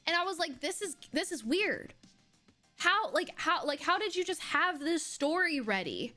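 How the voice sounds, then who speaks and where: A young woman streamer telling a story to her chat in a casual, animated, profane way, rambling with restarts. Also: very high-pitched, moderate pace, soft background music. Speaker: live streamer.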